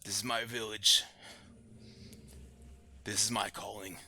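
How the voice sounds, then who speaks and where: Man playing a hushed solemn village protector, slow, earnest, bright-toned. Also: on the low side, level tone, creaky, exaggerated voice. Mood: hushed resolve.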